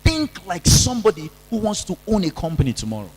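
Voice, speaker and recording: The Kenyan pastor drives his youth seminar sermon fast, pitch swooping wildly in a high voice with a breathy edge. He exhorts the audience and gets them to echo his lines, all under the long reverb of a big hall.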